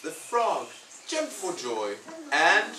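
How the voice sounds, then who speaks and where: Woman reading a storybook aloud, lively and slow. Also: lowish voice. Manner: playful, inviting listeners to join in. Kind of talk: reading a picture book aloud. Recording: echoey room, far from the mic, noisy.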